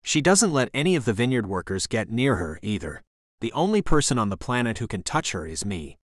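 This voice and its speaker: A man narrating a first-person romance audiobook in a measured storytelling manner, on a close studio mic. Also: medium pitch, sing-song, no room sound.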